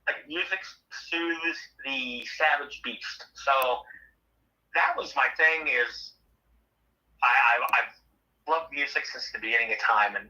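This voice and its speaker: A man's voice: medium pitch, measured pace, long pauses, low-quality recording. A middle-aged man and former radio host, chatting casually and telling blunt, profane stories. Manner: blunt, profane, animated storyteller. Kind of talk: casual chat.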